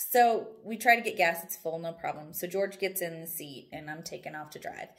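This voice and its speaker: A young woman vlogging casually, rambling and animated as she tells a story, often breaking into laughter. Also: low-pitched, normal speed, gravelly. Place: at home, indoors.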